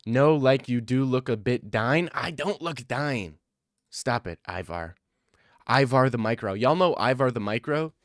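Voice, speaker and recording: A man's voice: medium pitch, animated, normal speed, dry recording, studio quality. A young man streaming live, answering his chat with defensive, joking replies and a lot of "bro.". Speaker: livestreamer reading chat. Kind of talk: casual livestream chat.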